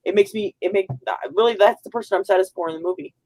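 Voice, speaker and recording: Female podcast co-host, medium pitch, blunt and quick, laughs easily in casual chat. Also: mellow. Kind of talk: casual film review chat.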